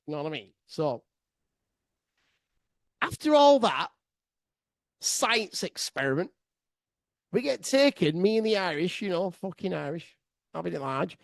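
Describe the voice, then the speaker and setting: A man telling a sweary comic travel story to his listeners, excitable, laughing often and swearing freely. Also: sits high, unhurried, gravelly, long pauses, no room sound. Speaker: podcast storyteller.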